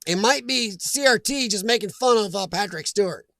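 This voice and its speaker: An American man with a high, light voice rambles through a casual live chat. He drifts between stories and greets viewers from the chat as he goes. The sound is dry and close, with no room around it. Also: fairly quick, vocal fry, a bit bright, dry recording. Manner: rambling, chatty, reads chat aloud. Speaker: live stream host.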